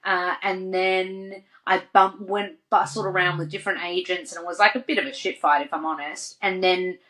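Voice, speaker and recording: An Australian woman on a podcast as a guest, telling lively stories full of "like" and acted-out quotes. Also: fairly low pitch, normal speed, rough recording. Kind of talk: casual interview storytelling.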